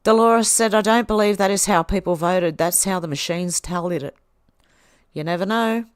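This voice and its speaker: A woman's voice: mid-range voice, normal speed, clean tone, no room sound, clean studio sound. A middle-aged Australian woman hosting a livestream, casually reading viewers' comments aloud and answering them with small laughs. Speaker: livestream host.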